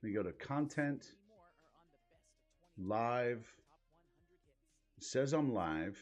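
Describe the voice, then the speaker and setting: A man's voice: medium pitch, expressive, extremely slow, faint music behind. Exasperated, profane man on a live stream. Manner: profane, exasperated, thinking aloud while clicking around. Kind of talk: casual live-stream commentary.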